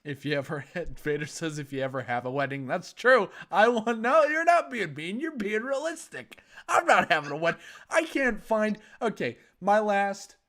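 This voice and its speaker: A young man with a slightly high voice tells a story in casual podcast chat. He is sarcastic and keeps breaking into laughter as he talks. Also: sing-song, a little slow, a bit bright. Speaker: podcast host.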